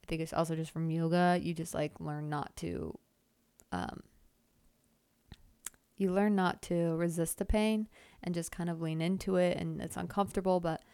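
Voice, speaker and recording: A woman's voice: lowish voice, steady tone, normal speed, pauses often, warm tone, clear, resonant tone, no room sound. A young woman hosting her own podcast, telling a rambling, chatty story full of fillers and self-deprecating jokes. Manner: lots of filler "like". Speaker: podcast host. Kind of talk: casual storytelling monologue.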